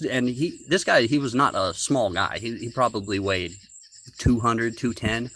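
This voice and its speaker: A man's voice: fairly low pitch, fairly bright tone. A man casually telling a long story from his own life on a podcast, rambling with fillers and restarts. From rural United States.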